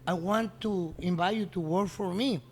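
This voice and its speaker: Man telling a story in English. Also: sits high. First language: Spanish. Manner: halting, non-native English with frequent restarts, acts out the dialogue he quotes. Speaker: restaurant owner, interview guest. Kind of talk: anecdotal storytelling in an interview.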